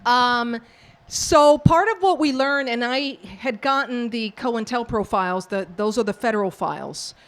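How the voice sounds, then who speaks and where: A woman from the Bronx, an author and professor, answering audience questions with lively, acted-out storytelling. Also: fairly high pitch, unhurried. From New York, the Bronx. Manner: animated storyteller who acts out quoted exchanges. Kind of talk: book talk Q&A, storytelling.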